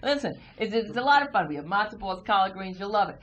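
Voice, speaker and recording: A woman co-hosting a TV talk show, telling comic stories in an animated way and acting out voices. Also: medium pitch, quick pace, a little hiss or hum. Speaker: talk show co-host and comedian. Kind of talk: comic storytelling chat. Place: TV studio.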